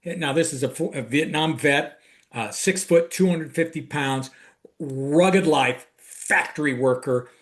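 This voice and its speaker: A man's voice: a little high, measured pace. A man from Ohio co-hosting a podcast, telling stories in casual chat and acting out the lines of the people in them. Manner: animated storyteller, acts out quoted lines. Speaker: podcast co-host.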